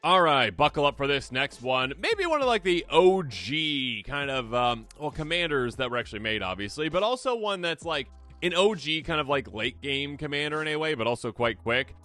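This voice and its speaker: Animated man reviewing card game decks. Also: on the high side, moderate pace, soft background music. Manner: animated, jokey, talks to imagined opponents. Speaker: host.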